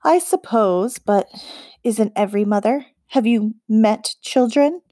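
A wry, unhurried shapeshifting witch who rules the forest, read by a woman in an audiobook. She teases and chills in equal measure, voiced dry and close with no room around it. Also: a little high, expressive, mellow, no echo. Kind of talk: audiobook character voice.

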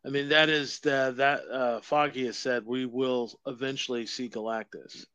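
A man's voice: mid-range voice, steady tone, moderate pace, sharp tone, smooth, no echo, highs cut off. A man co-hosting a podcast in casual chat, playfully teasing his friend. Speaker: podcast co-host.

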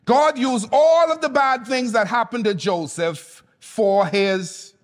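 A man's voice: very high-pitched, slow pace, in a large hall. A man preaching a sermon as pastor, speaking emphatically and calling on the congregation to respond. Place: church.

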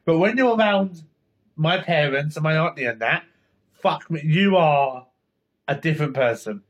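A man's voice: fairly high pitch, expressive, normal speed, breathy edge, muffled recording. A man with a Cockney accent from East London, co-hosting a casual podcast chat, bantering and teasing. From East London, England. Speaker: podcast co-host.

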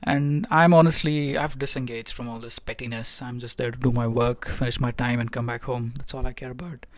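A man's voice: medium pitch, steady tone, brisk. A man who works as a ship's engineer, telling stories from aboard in a rambling, casual way with many fillers and restarts. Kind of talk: casual storytelling vlog. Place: aboard a ship.

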